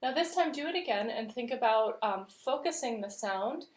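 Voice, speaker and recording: A woman vocal coach leading a live-streamed warm-up with gentle, encouraging instructions. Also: fairly high pitch, lively intonation, moderate pace, roomy sound, low-quality recording.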